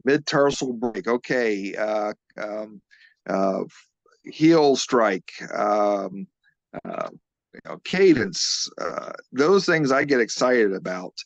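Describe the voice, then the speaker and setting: A man, a physical therapist, being interviewed as a guest and earnestly retelling a witness's story, halting and restarting often. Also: fairly low pitch, animated, vocal fry, dry recording, highs cut off.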